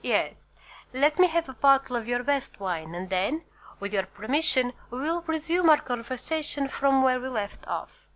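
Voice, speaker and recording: A woman's voice: high voice, animated, a bit bright, pitched above the performer's own voice. A woman reading as a grave Italian-accented priest. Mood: probing. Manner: measured, probing questions. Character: grave, searching male priest, a traveller. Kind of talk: audiobook character reading.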